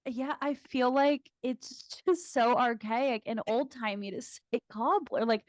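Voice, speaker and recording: A woman's voice: fairly high pitch, a little slow, no room sound, studio quality. A young woman co-hosting a podcast, telling stories in casual chat, laughing often and swearing. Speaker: podcast co-host.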